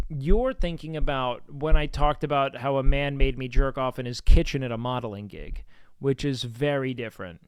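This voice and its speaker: A man's voice: mid-range voice, smooth, no room sound. A young man chatting casually on a live stream, rambling and swearing with lots of fillers.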